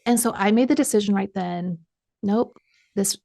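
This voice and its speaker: A middle-aged woman guest on a podcast recounts a personal story. Her voice is gravelly, with a lot of vocal fry, and she brings each quoted voice to life with animation. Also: medium pitch, fast, warm tone. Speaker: guest coach.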